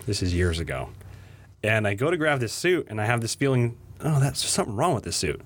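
A man on a casual podcast chat, telling an embarrassing story in a relaxed way and acting out the lines he quotes. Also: mid-range voice, brisk, noisy background.

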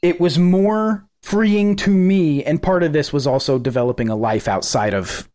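A man co-hosts a podcast in loose, casual conversation, blunt and fond of swearing. He often restarts his sentences. His voice sits a bit higher than most men's. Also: normal speed, darkish tone. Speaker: podcast co-host.

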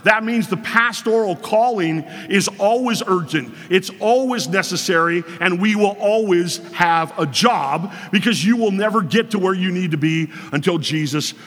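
A man's voice: sits high, a bit bright, big-room sound. A man preaching a sermon to his congregation as pastor, earnest and emphatic, speaking straight to the listeners.

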